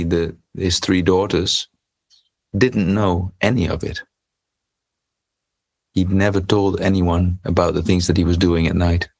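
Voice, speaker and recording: A man's voice: sits low, no room sound. A man co-hosting a podcast, telling a story in a casual, hesitant way. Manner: hesitant, with many restarts while telling a story. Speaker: podcast co-host.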